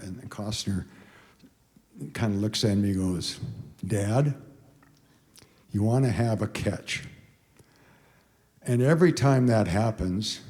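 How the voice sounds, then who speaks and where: Older man, halting story in a reverberant hall. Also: lowish voice, darkish tone. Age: around 80. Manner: halting, emotional, many restarts and fillers. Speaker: singer telling a story on stage. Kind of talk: rambling spoken stage story between songs. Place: concert hall. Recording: long reverb of a concert hall.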